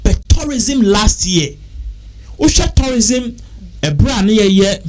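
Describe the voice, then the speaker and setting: A man's voice: high voice, lively intonation, slow pace, noisy background. A man with a Ghanaian accent, talking casually and repetitively, working through figures aloud. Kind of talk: casual talk mixing English and Twi.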